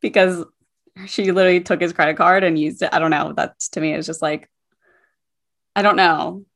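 A woman's voice: lowish voice, steady tone, moderate pace, creaky, fairly bright tone. A woman co-hosting a podcast in easygoing casual chat, agreeing often and laughing readily. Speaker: podcast co-host.

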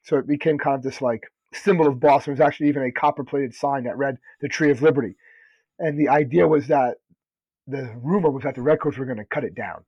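A man's voice: medium pitch, fast talker, a little mellow, no echo. A man co-hosting a podcast in casual chat, loose and rambling with lots of "like". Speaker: podcast co-host. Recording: dull lo-fi recording.

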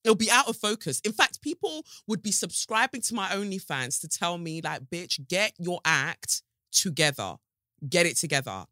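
A woman hosting a solo podcast, chatting frankly and animatedly, swearing freely and swooping up in pitch. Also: pushed and bright, dry recording, clean studio sound. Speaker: podcast host.

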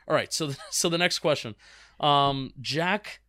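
A man's voice: fairly high pitch, measured pace, pushed and bright, dry recording, clean studio sound. A man in his twenties co-hosting a football fan show, chatting casually with many restarts as he reads out listener questions. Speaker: sports podcast co-host. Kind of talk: casual chat.

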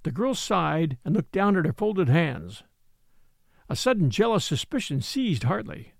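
A man narrating a classic short story in an expressive, animated reading. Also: fairly high pitch, unhurried, gravelly, dry recording, studio quality.

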